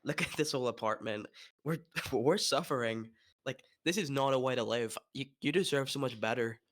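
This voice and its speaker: A man playing his character in a tabletop role-play, talking haltingly and despairingly, with nervous laughs. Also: mid-range voice, slight background noise. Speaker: player.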